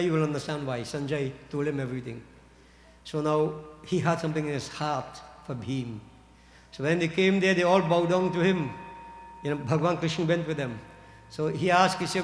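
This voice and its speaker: Pandit preaching in an echoing hall. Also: male voice, fairly high pitch. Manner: animated, addresses listeners as devotees. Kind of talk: sermon storytelling. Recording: echoey hall reverb.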